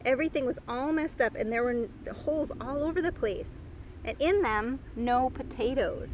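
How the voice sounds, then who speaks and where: A woman librarian reading a picture book aloud for a children's storytime, expressive, outdoors in a garden. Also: high voice, normal speed, a little hiss or hum, poor audio. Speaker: youth librarian.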